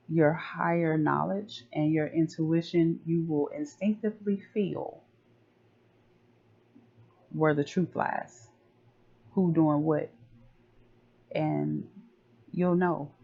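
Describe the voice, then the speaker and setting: Relationship coach, male, gravelly and flat-toned; casual slang-heavy advice, dull lo-fi audio. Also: on the high side. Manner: conversational, loose slang, acts out family talk.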